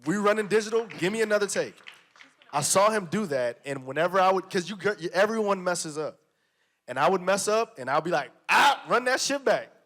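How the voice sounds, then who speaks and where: A man speaks casually on a panel about how he works on set, his voice a touch high. He talks with emphasis and keeps repeating himself. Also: expressive, brisk, fairly bright tone. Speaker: actor on a panel. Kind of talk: casual conversation.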